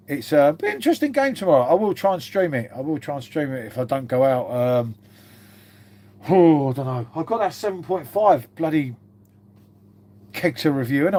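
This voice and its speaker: A man's voice: a little high, darkish tone. A man chatting casually on a live stream, swearing freely and calling his viewers mate.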